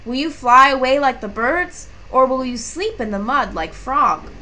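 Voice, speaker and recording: A woman's voice: high voice, animated, unhurried, pushed and bright, slight background noise, full character voice. A woman voicing a curious, childlike little moose calf who asks wondering questions in a storybook. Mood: questioning.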